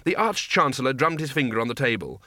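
A man narrating a comic fantasy novel for an audiobook, with a wry, dry delivery. His voice is animated and bright, recorded close in a dead, dry booth. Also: medium pitch, fast talker, dry recording. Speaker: audiobook reader.

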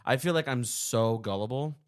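A man's voice: mid-range voice, normal speed. A young man co-hosting a podcast, bantering bluntly and casually, with swearing in his talk. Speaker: podcast co-host. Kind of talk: casual chat.

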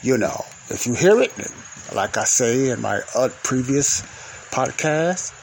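A man talks through a loose, unscripted sermon outdoors at night, circling back to the same questions and leaning on "you know" and "okay." His voice sits at an ordinary middle pitch. A faint hiss of wind and outdoor air runs underneath. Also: expressive, unhurried, low-quality recording. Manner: repeats phrases, asks rhetorical questions, peppers with "you know" and "okay". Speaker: podcast host and lay preacher. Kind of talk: rambling spoken teaching with prayer. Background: wind and faint outdoor ambience.

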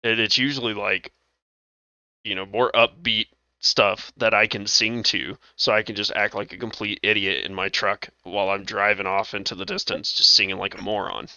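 A man co-hosting a casual podcast chat, playful and animated, laughing often. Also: fairly low pitch, moderate pace, no room sound, dull audio. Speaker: podcast co-host, game master.

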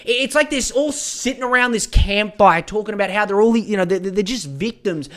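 A man's voice: sits high, moderate pace, a bit bright. A man, hosting a solo podcast and ranting in a profane, heated way with lots of stammered restarts. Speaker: podcast host.

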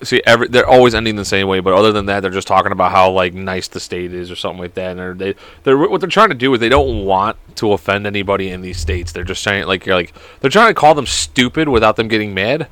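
A man's voice: lowish voice, fast, hardly any pauses, fairly bright tone, no echo. A young man in his twenties hosting a solo podcast, rambling and joking with constant swearing. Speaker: podcast host. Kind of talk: casual solo podcast chat.

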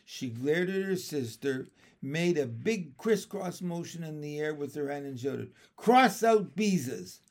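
A man reading a children's chapter book aloud, his voice on the higher side for a man. He tells the story expressively, with lively, animated delivery. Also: measured pace. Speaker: reader.

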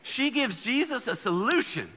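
A high-voiced man preaches with humor, acting out the characters in his stories. His tone is very bright and forceful, and the sound carries a long hall reverb. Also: normal speed, a little hiss or hum. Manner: animated, acts out the people in his stories. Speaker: guest speaker. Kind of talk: humorous sermon storytelling.

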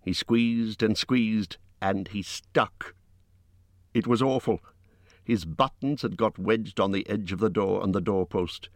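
Here a man narrates an audiobook, his delivery measured and expressive like a storyteller's. His voice is on the low side, and there's no room sound.

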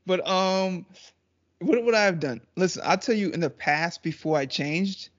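Dude co-hosting a chill podcast, jokey and easygoing, bit of a higher voice, dull lo-fi sound. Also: male voice. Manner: laid-back, joking, quick to laugh. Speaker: co-host. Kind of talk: casual podcast chat.

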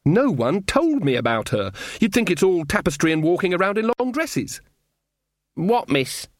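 A man's voice: high voice, very animated, normal speed, no room sound, studio quality, pitched above the performer's own voice. A man voicing a nervous young boy at a castle, timid and stammering, in a comic fantasy audiobook. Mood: anxious.

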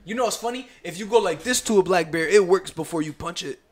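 Excitable high-voiced young man. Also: fast. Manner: excitable, laughs a lot, slangy. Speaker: podcast co-host. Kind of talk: casual banter.

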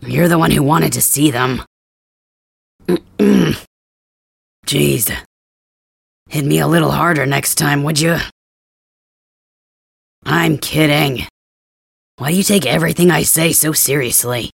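A man voicing a gruff, teasing young male cat hybrid in an ASMR role-play, grumbling and blunt, with a gravelly, husky voice, close to the mic. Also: on the high side, takes it slowly, pauses often, no room sound, full character voice.

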